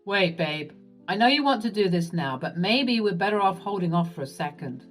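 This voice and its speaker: A woman voicing a gentle, conflicted young husband who speaks in a soft, pleading, measured way. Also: medium pitch, lively intonation, faint music behind, lightly acted.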